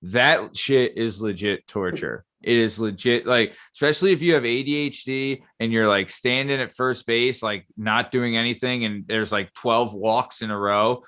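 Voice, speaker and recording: A man's voice: mid-range voice, normal speed, few pauses, bright, forceful tone. A man hosting a casual podcast, laid-back and chatty. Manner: laid-back, says "like" and "yeah" a lot. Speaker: podcast host.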